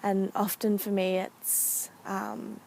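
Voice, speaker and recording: Soft-spoken woman with vocal fry. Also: medium pitch, level tone, a little hiss or hum, poor audio. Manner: soft-spoken, thoughtful, many pauses and fillers. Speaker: speaker sharing a therapeutic practice. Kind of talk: casual reflective talk to camera.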